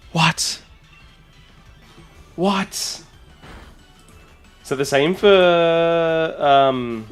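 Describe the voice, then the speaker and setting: Excitable man streaming. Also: mid-range voice. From Australia. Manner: excitable, rambling, talks to chat. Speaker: streamer and content creator. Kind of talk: casual live-stream chat.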